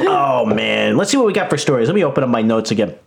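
A man's voice: medium pitch, vocal fry. Man, podcast host, loose jokey chat, voice swings wildly up and down. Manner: laughs often, jokey and loose. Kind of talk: casual comedy podcast chat.

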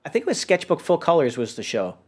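A man from New Hampshire, co-hosting a podcast in a rambling, animated casual chat full of fillers. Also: on the high side, quick pace, a little hiss or hum. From New Hampshire, USA. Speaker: podcast co-host.

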